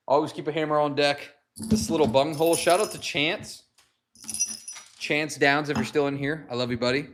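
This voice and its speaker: With his phone in hand, a man broadcasts a casual whiskey livestream from his house and kids around on the way to his garage. His voice sits on the high side at a normal pace, and background noise is audible.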